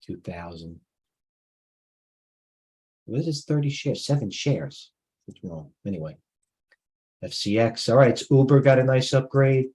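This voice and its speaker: Rambling husky man talking markets. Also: medium pitch, animated, a little slow, pauses often, a little mellow, low-quality recording. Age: middle-aged. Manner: rambling, muttering asides, restarts. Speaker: stock market live-stream host. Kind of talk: off-the-cuff market commentary.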